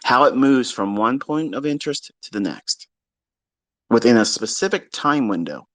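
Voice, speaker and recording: A man's voice: mid-range voice, expressive, moderate pace, a bit bright, no echo. Profane, exasperated man ranting at his viewers. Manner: mocks listeners in put-on quotes. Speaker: trading educator. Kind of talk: ranting livestream lecture.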